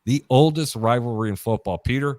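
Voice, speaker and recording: A male host chats through football lines and tells stories in an easy, talkative way. His voice sits at a middle pitch and sounds close and dry, with no room around it. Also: fairly quick, a little mellow, no room sound. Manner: chatty storyteller, mimics announcers. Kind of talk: sports betting talk show.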